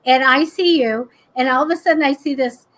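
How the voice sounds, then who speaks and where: A woman with a high voice hosts a casual live psychic chat. She talks in a chatty, animated way and slips into stories as she goes. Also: brisk, low-quality recording. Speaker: psychic host.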